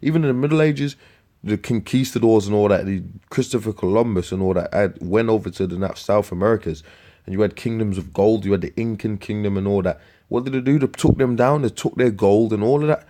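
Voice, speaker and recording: Guy ranting scripture, low voice, swears a lot, trips over his words. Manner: profane, scornful, swings into loud outbursts; slangy, fast restarts and repeated words. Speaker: street preacher.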